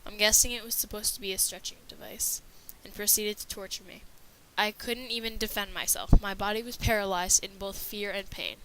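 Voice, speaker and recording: A woman's voice: mid-range voice, steady tone, fairly quick, hardly any pauses, sharp tone, a little hiss or hum, rough recording. A woman narrating a scripted horror story with a dramatic reading manner.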